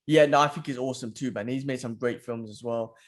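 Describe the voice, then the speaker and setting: A man's voice: medium pitch, fairly even intonation, quick pace. A man, co-hosting a casual podcast chat, laid back and saying "bro" a lot. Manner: laid-back, says "bro" often, enthusiastic about films. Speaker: podcast co-host.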